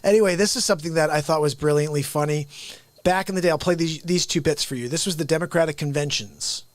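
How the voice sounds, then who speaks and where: An energetic man hosting a live comedy stream, ranting and cracking jokes between bits. His voice sits fairly high, and the close microphone makes it sound dry and upfront. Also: quick pace, no room sound. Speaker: livestream host. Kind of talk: live comedy talk show.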